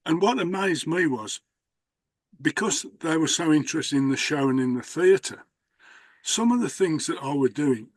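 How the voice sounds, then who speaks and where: A man's voice: on the high side, lively intonation, moderate pace, dry recording. Chatty male host, dry sound. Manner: rambling, anecdotal, with restarts. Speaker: host, magician. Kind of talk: casual conversation.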